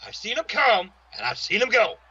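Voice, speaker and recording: A man voicing a threatening veteran pro wrestler in a trash-talk promo, growling and shouting his threats. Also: sits high, big pitch swings, moderate pace, husky, lo-fi sound, pitched above the performer's own voice, full character voice. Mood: menacing.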